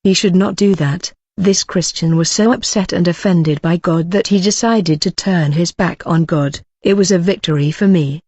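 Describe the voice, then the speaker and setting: A woman giving a scripted narration of a religious testimony, in an even, read-aloud way with broken grammar. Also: on the low side, moderate pace, few pauses, husky, dry recording. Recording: dull lo-fi recording.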